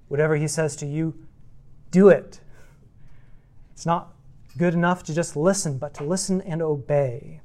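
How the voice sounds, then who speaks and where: A man teaching a church class on meditating on scripture, working through numbered points and repeating rhetorical questions. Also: a little high. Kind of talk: teaching sermon.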